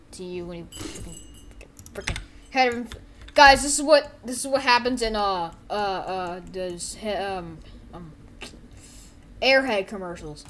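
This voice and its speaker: A woman giving casual let's-play commentary. She rambles with many fillers and often breaks into sudden excited yelps. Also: medium pitch, slight background noise. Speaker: gameplay commentator.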